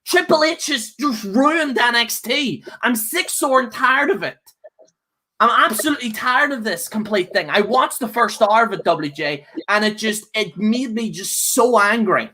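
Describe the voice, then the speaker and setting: A man co-hosts a wrestling chat with a bright, forceful tone. He rants angrily and swears freely. He circles back on his own words and keeps checking in with "okay?". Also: very high-pitched, animated, moderate pace. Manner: angry, profane, repeats himself, keeps ending with "okay?". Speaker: co-host. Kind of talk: casual podcast rant.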